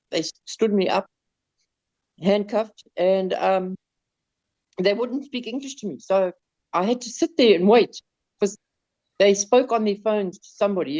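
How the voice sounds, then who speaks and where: A man with a South African accent, casually telling a story on a podcast, animated, swearing and stumbling over his words. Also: sits high. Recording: slightly dull lo-fi sound.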